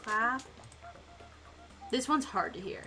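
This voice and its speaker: A woman's voice: fairly high pitch, takes it slowly, over music. A young woman streaming a game, chatting casually and flustered, swearing and laughing as she plays. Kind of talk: casual gameplay commentary.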